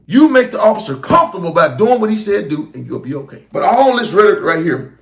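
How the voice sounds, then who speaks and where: A man's voice: high-pitched, sing-song, fast talker, vocal fry. A middle-aged man giving emphatic, preachy commentary as host of his own channel. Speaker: host of a street talk channel. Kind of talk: impassioned commentary. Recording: roomy echo.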